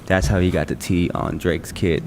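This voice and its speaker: A man's voice: low-pitched, fairly even intonation, moderate pace, a little mellow. A young man co-hosting a casual podcast, goofy, laughing often and swearing freely. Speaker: podcast co-host. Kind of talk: casual chat. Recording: long hall reverb, faint room noise.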